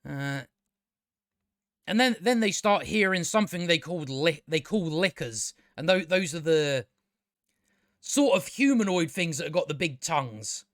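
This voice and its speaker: A man's voice: a little high, expressive, a little slow, fairly bright tone, dry recording, studio quality. A man giving a casual, exasperated review, swearing freely and restarting his sentences with stammers. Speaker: show reviewer. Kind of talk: casual ranting review commentary.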